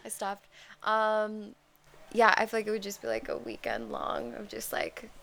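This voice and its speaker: A woman's voice: medium pitch, flat delivery, moderate pace, creaky, a bit bright, a little hiss or hum. A woman co-hosting a casual chat, rambling with many fillers and restarts. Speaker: podcast co-host.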